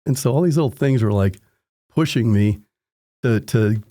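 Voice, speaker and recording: A man's voice: medium pitch, moderate pace, mellow, dry recording, studio quality. A man in his sixties, a podcast guest telling long anecdotes in a casual interview, rambling with restarts. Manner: rambling anecdotes with frequent restarts, acting out quoted people in raised voices. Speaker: podcast guest, home inspector.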